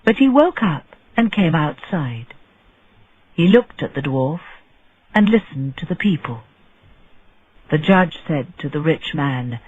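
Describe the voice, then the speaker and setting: A man reads a story aloud in slow, deliberate narration for English learners. His voice is husky and lively in pitch. The recording is dry and thin, like over a phone line. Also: dry recording. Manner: clear, deliberate phrasing.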